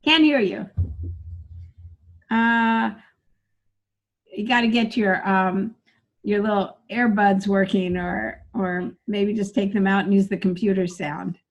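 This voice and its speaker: A woman's voice: mid-range voice, fairly even intonation, slow pace, long pauses, highs cut off. A woman teaching a live online workshop as a speaking coach, upbeat and encouraging, chatting with her students by name over a video call.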